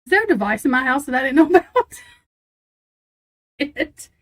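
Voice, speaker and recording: A high-pitched woman hosting a live tarot reading, talking straight to her viewers in a loose, casual way. She sounds flustered and giggly, and laughter breaks into her lines as she goes. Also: very animated, moderate pace. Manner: talks straight to viewers and chat. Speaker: tarot reader on a live stream.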